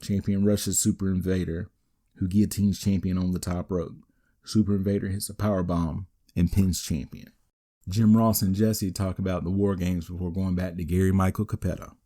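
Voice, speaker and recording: A man hosting a wrestling podcast, giving a steady, matter-of-fact play-by-play recap with the odd dry aside. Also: sits low, normal speed. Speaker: podcast host.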